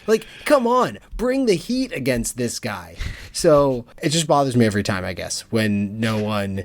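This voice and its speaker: A man's voice: big pitch swings, normal speed, a little hiss or hum. A man hosting a casual podcast with a mid-range voice, talking in a jokey, mocking way and breaking now and then into mimicry. He keeps the chat loose and teasing. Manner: mocking, jokey, acts out lines in high put-on voices. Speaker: podcast host.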